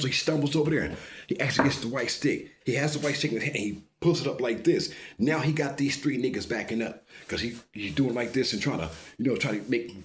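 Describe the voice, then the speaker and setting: A man spinning a street story with loose, profane energy, stopping often to make sure the listener keeps up. His voice sits at an ordinary middle pitch.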